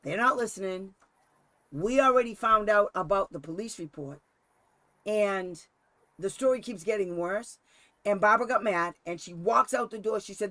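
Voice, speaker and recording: His voice sits high and moves at a moderate pace, with no echo in the recording. Hosting a relaxed talk, this special education advocate tells an animated story, often laughing and acting out the quotes.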